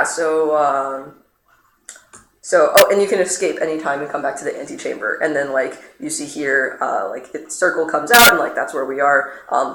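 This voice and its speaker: A streamer talks loosely over gameplay, piling up fillers and restarts with sudden leaps in pitch. The voice sits in a middle register. It rings in a roomy space with a faint hiss behind it. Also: a bit bright. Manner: rambling, many fillers, sudden pitch jumps. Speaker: streamer playing the game. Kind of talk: casual chat over gameplay. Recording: roomy echo, faint noise.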